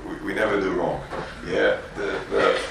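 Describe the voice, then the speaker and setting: Captured far from the mic amid background noise and heavy reverb, a low-voiced man with vocal fry speaks at normal speed. He's a Borough Park, New York rabbi giving yeshiva students a Torah class, acting out quotes, repeating words, and using Yiddish and Hebrew terms.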